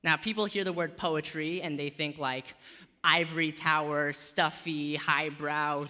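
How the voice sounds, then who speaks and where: A man's voice: a little high, measured pace. A young American man performing spoken word poetry, then talking casually about poetry with rhythmic delivery. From United States. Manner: rhythmic, shifts from soft recited poetry to lively casual talk. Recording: long hall reverb.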